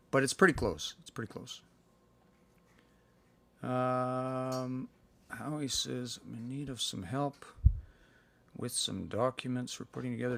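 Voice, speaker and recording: A man giving a casual live-stream language lesson from home. He thinks aloud and sounds out words slowly. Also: medium pitch, creaky, fairly bright tone. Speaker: language teacher.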